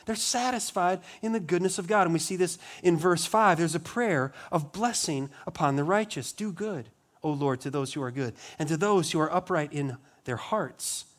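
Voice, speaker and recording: A pastor preaching a sermon, asking the congregation rhetorical questions, building emphasis and then dropping to a low, quiet voice on solemn lines. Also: male voice, moderate pace. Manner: rhetorical questions, rising emphasis on key words.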